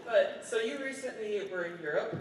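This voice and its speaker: A woman's voice: medium pitch, expressive, a little fast. A woman with a Minnesotan accent, a fan asking a friendly, direct question at a panel. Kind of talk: audience question at a mic. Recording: very echoey hall, distant mic, crowd behind.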